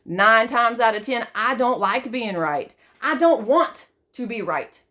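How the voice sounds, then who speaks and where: Emotional woman venting, fairly high voice. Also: expressive, a little slow. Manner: swears often, repeats herself, swings from loud to soft. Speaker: vlogger. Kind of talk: emotional personal monologue.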